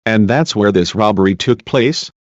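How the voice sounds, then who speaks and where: A man reading a male defense lawyer's questions, measured and reassuring, in a dull lo-fi recording. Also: fairly low pitch, no room sound, close to an everyday voice. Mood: courteous. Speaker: cross-examining lawyer.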